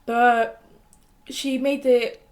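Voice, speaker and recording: A woman's voice: fairly high pitch, little pitch movement, drawn-out words, darkish tone. Giggly young woman. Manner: giggly, rambling, lots of fillers. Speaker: podcast co-host. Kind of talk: casual storytelling chat.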